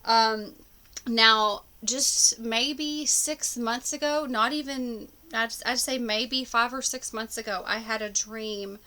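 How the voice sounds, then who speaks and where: Woman, bright voice, casual monologue, rambling, lots of ums and restarts. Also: on the high side, fairly even intonation, slow. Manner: rambling, many fillers and restarts. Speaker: spiritual vlogger.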